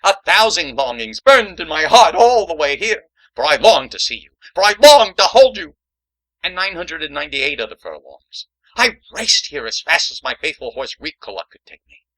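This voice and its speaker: A man's voice: a little high, big pitch swings, normal speed, fairly bright tone, heavily acted, poor audio. A man playing a lovesick, pompous colonial tinker, speaking in florid mock-old-fashioned phrases with hammy comic delivery. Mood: lovestruck. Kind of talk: stage comedy acting.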